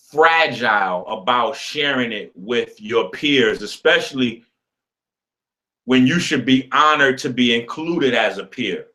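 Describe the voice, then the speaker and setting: Bright, teasing man on a stream. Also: mid-range voice. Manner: teasing, emphatic. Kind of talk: casual livestream talk.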